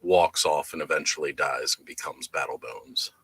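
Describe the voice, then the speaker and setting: A very deep, husky-voiced man speaks casually as co-host. His tone is bright and forward, and the sound is dry and close. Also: moderate pace, dry recording. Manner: relaxed, matter-of-fact explaining. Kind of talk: casual chat.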